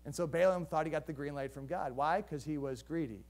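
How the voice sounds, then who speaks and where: A man's voice: a little high, fairly quick, a little mellow. A male pastor preaching a sermon in a conversational storytelling way, sprinkling modern jokes into a Bible story. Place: church.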